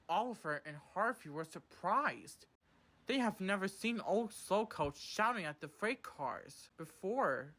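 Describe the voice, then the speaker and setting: Woman, storyteller, slow reading, lowish voice, lively pitch, children's story. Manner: slow, simple storybook narration.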